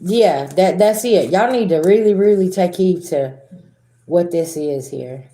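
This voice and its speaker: Speaking a little slowly but with animation, this woman has a warm, fairly low-pitched voice that sounds reverberant. She is a spiritual reader from the Southern United States with a Southern American accent, delivering a blunt, profane, casual tarot reading to viewers while dramatizing arguments.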